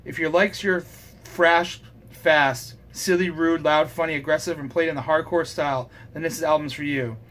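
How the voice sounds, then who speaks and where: A man's voice: on the high side, steady tone, moderate pace, fairly bright tone. A man hosting a casual record review show, talking in a loose, rambling way and swearing casually. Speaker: host.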